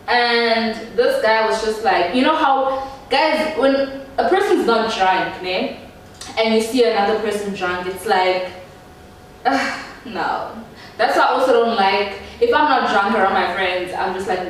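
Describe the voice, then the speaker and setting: A young woman telling a story to her viewers in an animated, slangy way. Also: mid-range voice, normal speed, distant mic, slight background noise. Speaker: vlogger. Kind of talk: storytime chat. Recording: echoey room, voice a bit off-mic.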